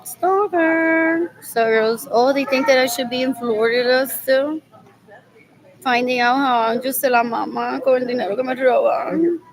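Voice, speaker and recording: Rambling, scornful higher-pitched woman. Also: fairly even intonation, normal speed, low-quality recording. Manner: rambling, repeats phrases over and over; scornful, muttering disgusted remarks. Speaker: vlogger. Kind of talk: casual rambling monologue to viewers.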